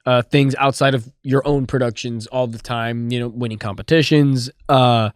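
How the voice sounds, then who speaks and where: A man with a smooth, clear mid-range voice hosts a podcast in an easygoing way. His questions ramble a little, and the sound is close and dry. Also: mid-range voice, steady tone, normal speed, dry recording. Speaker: podcast host. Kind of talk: casual podcast interview.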